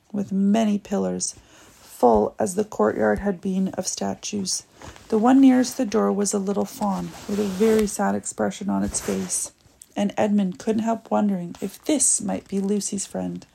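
Gravelly, dark-toned woman reading a storybook. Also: medium pitch. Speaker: narrator.

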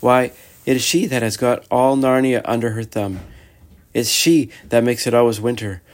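A man's voice: mid-range voice, flat delivery, normal speed, natural voice. A man voicing a sorrowful, guilt-ridden male faun who sobs and pleads. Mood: remorseful. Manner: sobbing, tearful, pleading.

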